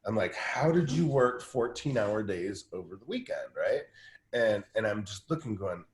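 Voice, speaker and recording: A man talking in a casual interview as a guest coach, telling energetic stories with lots of restarts. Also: lowish voice, echoey room. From Southern California. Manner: energetic, fast storytelling with many restarts. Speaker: guest team-building coach.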